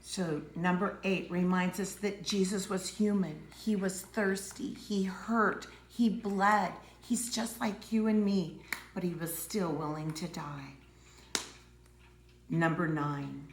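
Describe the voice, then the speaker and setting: A woman teaching preschoolers, telling a Bible story with dramatic voices and hushed moments. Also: mid-range voice, slow pace, echoey room. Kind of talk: Bible story lesson for young children.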